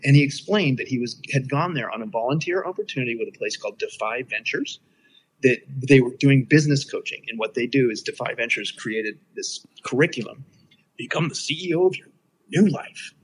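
A man's voice: medium pitch, brisk, slight background noise, rough recording. A middle-aged man telling a personal story in casual conversation, acting out quoted dialogue with big jumps in his voice.

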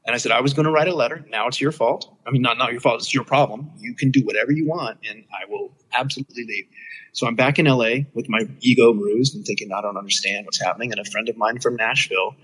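A middle-aged man speaks in a slightly husky, breathy voice at an ordinary pitch. He tells a personal story in easy conversation and animates the quoted voices, leaping well up in pitch for other speakers' words. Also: fast talker, poor audio. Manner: animated, acts out quoted dialogue with big pitch jumps. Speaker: guest telling his story.

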